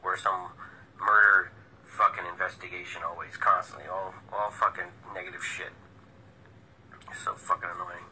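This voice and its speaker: Rambling male live-streamer, low and sharp-toned, profane and agitated, phone mic at home. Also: flat delivery, moderate pace, slight background noise, poor audio. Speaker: vlogger and self-styled presidential candidate. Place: indoors at home.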